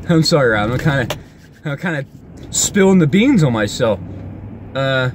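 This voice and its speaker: A man rambling excitedly to the camera, breaking off and restarting his sentences a lot. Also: mid-range voice, normal speed, long pauses. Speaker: vlogger. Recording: outdoor street noise with passing cars.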